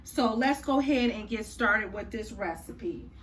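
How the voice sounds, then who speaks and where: A woman with a mid-range, lively voice hosts a cooking tutorial, speaking a little slowly in a chatty, folksy way and saying "y'all" and "honey." The distant mic gives a roomy sound with faint room noise.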